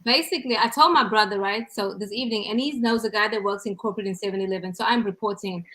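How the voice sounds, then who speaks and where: A woman with a South African accent, hosting a podcast and telling stories in an animated, emphatic way. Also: medium pitch, quick pace, poor audio. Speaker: podcast host. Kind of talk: casual chat.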